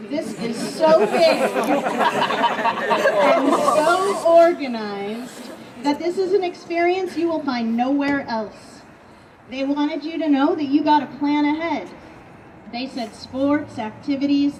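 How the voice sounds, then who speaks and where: A woman's voice: high-pitched, background noise. A middle-aged woman giving a heartfelt tribute speech at a ceremony, quoting students' words back to them. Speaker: band parent speaking at a senior tribute. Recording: distant voice with loud outdoor ambience.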